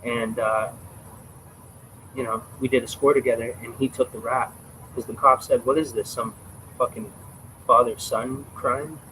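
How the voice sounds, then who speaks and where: A man in his twenties talks straight to his livestream, rambling and emphatic and swearing freely. His voice sits at an ordinary middle pitch. A faint hiss of noise runs underneath. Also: steady tone, measured pace, long pauses, sharp tone, rough recording. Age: 20s. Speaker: livestream host. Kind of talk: casual livestream storytelling.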